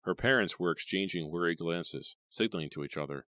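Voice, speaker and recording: Casting: male horror audiobook narrator, very low voice, dry close studio sound. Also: brisk, no room sound. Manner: steady, dramatic storytelling. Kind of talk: scripted narration of a horror novel.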